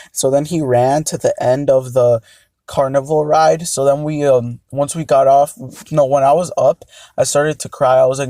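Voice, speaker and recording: A man's voice: medium pitch, fairly even intonation, normal speed, mellow, dry recording. A young man telling a casual storytime, rambling and hesitant with many fillers. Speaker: vlogger.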